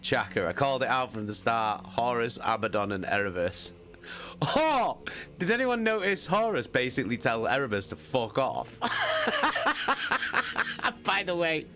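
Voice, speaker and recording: This livestream host speaks at medium pitch and an unhurried pace while reacting to an audiobook. Expect plenty of cursing, lively energy, and lots of laughing.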